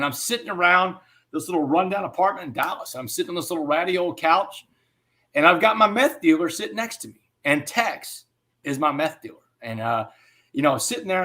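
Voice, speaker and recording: A man with a fairly high voice tells his own story in an interview. He talks in an animated way and keeps dropping in "man.". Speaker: interview guest.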